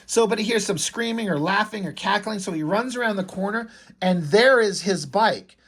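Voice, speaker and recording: A man's voice: high-pitched, normal speed, a bit bright, slightly rough. A man casually reviewing a comic book, reading the dialogue aloud and swearing with enthusiasm. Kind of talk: casual comic read-through commentary.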